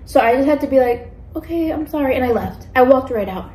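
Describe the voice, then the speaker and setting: A woman's voice: fairly high pitch, quick pace, darkish tone, echoey room, rough recording. A young woman vlogging casually while eating, ranting about pet peeves with lots of fillers. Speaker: mukbang vlogger.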